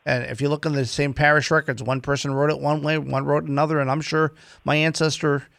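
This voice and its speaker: A man on a radio show talking easily about family history, relaxed and explanatory, laughing now and then. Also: a little high, brisk, creaky, no room sound, clean studio sound. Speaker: guest genealogist. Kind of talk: radio guest chat.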